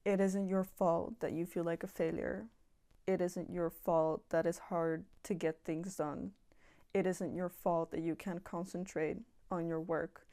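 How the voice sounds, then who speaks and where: A woman's voice: lowish voice, little pitch movement, measured pace, mellow. A young woman talking casually and earnestly to viewers about self-improvement, reassuring and repeating herself, swearing now and then. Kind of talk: casual monologue to camera.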